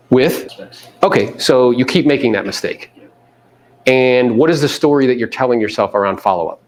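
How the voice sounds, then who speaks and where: A man coaching real estate agents in a live seminar, animated, acting out quotes and swearing casually. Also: fairly high pitch. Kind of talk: live seminar talk to an audience.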